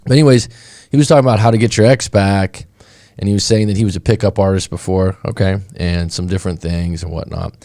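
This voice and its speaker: A man's voice: low-pitched, steady tone, quick pace, mellow, no room sound, studio quality. A man coaching on a casual live stream, talking in a rambling, conversational way with many fillers and restarts. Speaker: breakup coach.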